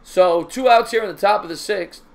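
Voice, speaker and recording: A man streaming his own baseball play-by-play, calling pitches and chatting with viewers in a jokey, excitable way. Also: moderate pace, vocal fry. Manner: excitable, raises voice on big hits. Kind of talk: live-stream baseball play-by-play with chat shout-outs.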